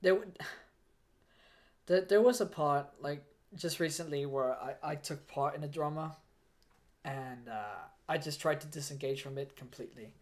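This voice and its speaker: On a casual livestream, a man overheated in a fursuit and a bit foggy reads out donations, rambling, stammering and restarting his sentences. His voice runs a little high, and he speaks at a normal speed.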